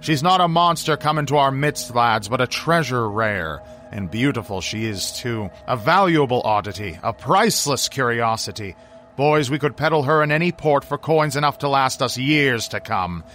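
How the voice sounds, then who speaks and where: A man's voice: mid-range voice, expressive, moderate pace, a bit bright, faint music behind, close to an everyday voice. A man voicing a greedy ship captain who rouses his crew with persuasive talk. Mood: scheming. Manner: persuasive, rousing speech.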